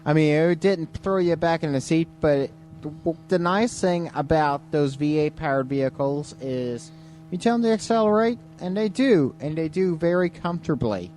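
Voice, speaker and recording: A man's voice: on the high side, moderate pace, darkish tone. A man co-hosting a late-night live stream, chatting casually and chuckling often, sounding tired. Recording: faint hum, compressed live stream.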